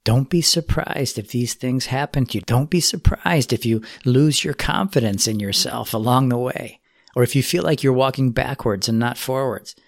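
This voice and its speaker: A man giving a sermon, speaking in an earnest, measured way as he exhorts his listeners. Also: medium pitch, gravelly, dry recording, clean studio sound. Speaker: preacher.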